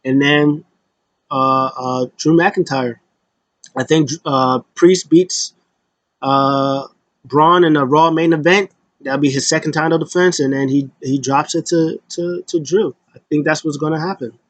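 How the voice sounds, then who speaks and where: A man rambling through a casual recap of wrestling events, with frequent fillers and quick impressions of the wrestlers. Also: on the high side, fairly even intonation, no echo.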